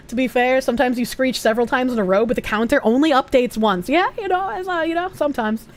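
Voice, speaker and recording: A woman's voice: sits high, lively intonation, fast. A young woman with a Boston accent chatting casually on a live stream, rambling, giggly and swearing freely.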